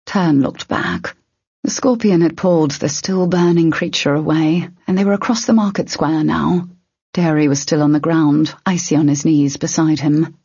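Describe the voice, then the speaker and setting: A woman narrating an audiobook in a steady, measured way. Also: sits low, breathy edge, dry recording. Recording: dry, dull lo-fi.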